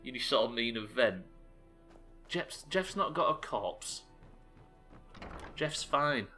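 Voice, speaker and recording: An English-accented streamer rants sarcastically through his gameplay, swearing freely. His voice is bright and forceful. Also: medium pitch, lively intonation, slow, soft background music. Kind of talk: live gameplay commentary.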